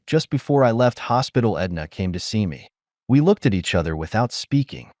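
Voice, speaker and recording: A man's voice: on the low side, a little mellow, no room sound, studio quality. A man narrating a novel aloud in the first person, wry and reflective. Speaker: audiobook narrator.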